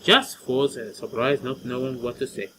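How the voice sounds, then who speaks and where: A man hosting a let's play, reading a visual novel aloud in a halting way with fillers and self-corrections. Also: medium pitch, background noise.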